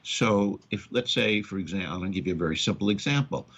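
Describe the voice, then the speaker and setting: Deep husky man, halting radio counselor. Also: a bit bright. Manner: halting, repeats words, acts out quoted parents. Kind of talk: radio talk on addiction and trauma. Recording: dull lo-fi radio audio.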